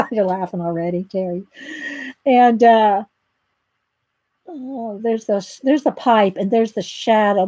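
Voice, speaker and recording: A woman's voice: mid-range voice, dark tone, breathy edge, dry recording. A woman chats casually while she draws, rambling through a story with lots of ums and restarts. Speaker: art tutorial host. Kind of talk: casual chat while drawing.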